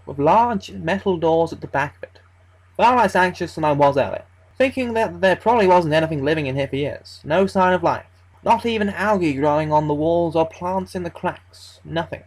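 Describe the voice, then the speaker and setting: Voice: mid-range voice, darkish tone, rough recording. A narrator telling a first-person horror story in a casual, conversational way, swearing freely as they go. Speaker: creepypasta narrator.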